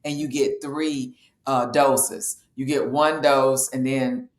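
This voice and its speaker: A woman's voice: extremely low pitch, steady tone, slow pace, roomy sound. A woman explaining a health topic in a casual, matter-of-fact way, as host of a talk show. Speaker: health educator.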